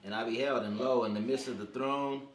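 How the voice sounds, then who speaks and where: A man reading scripture aloud in a steady, plain way during a Bible study. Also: mid-range voice, brisk. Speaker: scripture reader. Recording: echoey room.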